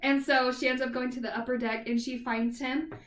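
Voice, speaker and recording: A woman's voice: sits high, level tone, a little fast, crowd noise. A woman co-hosting a podcast, casually retelling a novel's plot with lots of "like" and "kind of thing". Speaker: podcast co-host. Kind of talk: casual book review chat. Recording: echoey room, far from the mic.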